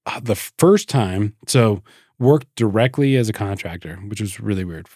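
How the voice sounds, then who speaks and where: Husky-voiced man telling a rambling story. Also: lowish voice, expressive, moderate pace, darkish tone, no room sound, clean studio sound. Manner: profane, rambling, with many restarts. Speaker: podcast host. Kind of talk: casual storytelling chat.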